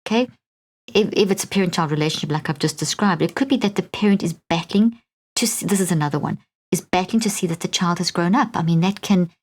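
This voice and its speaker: A woman's voice: on the low side, darkish tone, breathy edge. A middle-aged woman with a South African accent hosting a solo podcast, talking in an earnest, coaching way and often checking in with "okay?". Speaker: podcast host.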